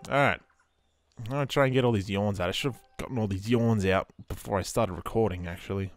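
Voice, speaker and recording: Sleepy, yawning man with a low voice. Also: fast talker. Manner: rambling, swears freely, self-mocking. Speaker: gameplay commentator. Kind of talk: casual let's-play commentary.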